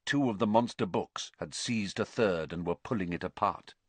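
A man reading an audiobook aloud in an expressive, theatrical storytelling manner. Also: low-pitched, moderate pace, no room sound. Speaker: audiobook narrator.

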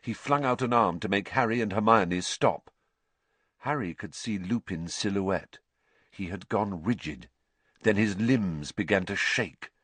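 A man narrating a story aloud, expressive and dramatic, rising with the action. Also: lowish voice, unhurried, slightly rough, no echo. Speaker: audiobook narrator.

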